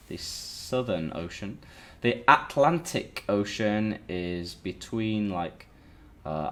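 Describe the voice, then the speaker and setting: A man teaching a live online lesson, chatting with his students and greeting them by name as he explains. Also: low voice.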